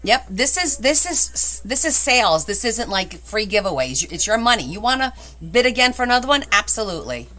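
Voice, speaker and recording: A woman's voice: on the high side, very animated, brisk, hardly any pauses, bright, forceful tone. A woman hosting a chatty live auction of her scrapbooks, cheerful and laughing often as she calls out the bids.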